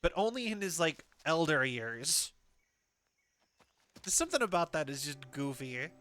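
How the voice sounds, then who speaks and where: A man's voice: fairly high pitch, very animated, a little slow, bright, forceful tone. A man streaming a video game, chatting and joking casually with lots of filler words. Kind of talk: casual gaming commentary. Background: game music.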